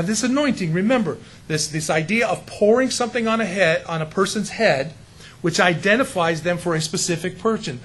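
A man's voice: high-pitched, a bit bright, breathy edge, low-quality recording. A middle-aged male pastor preaching a sermon in an emphatic, conversational way, often asking the congregation rhetorical questions.

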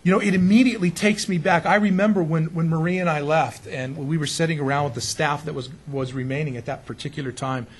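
A man's voice: fairly high pitch, fairly even intonation, fast, hardly any pauses, breathy edge. A man preaching as a pastor in a conversational sermon, often asking his congregation rhetorical questions and chuckling now and then.

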